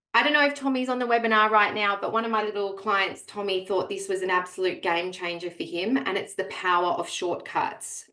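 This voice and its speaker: A woman's voice: medium pitch, fairly bright tone, reverberant. A woman coaching real estate agents in a webinar, speaking energetically and emphatically straight to her audience. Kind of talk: webinar presentation.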